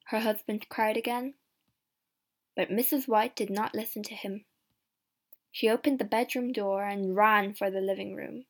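A woman reading a story aloud as narrator, clear and measured. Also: fairly high pitch, fairly even intonation.

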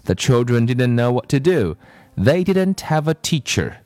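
A man's voice: mid-range voice, very animated, a little slow, darkish tone, no echo. A man reading a children's story aloud, in a storyteller's reading manner.

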